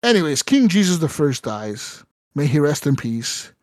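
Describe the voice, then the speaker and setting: Swearing, animated podcast host, dry close sound. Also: male voice, a little high, moderate pace, no room sound. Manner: animated, profane storytelling; many fillers like "right?" and "like". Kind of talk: casual chat.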